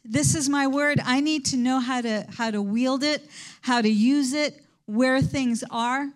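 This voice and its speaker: Woman preacher, higher voice, casual animated storyteller in a sermon. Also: a little slow.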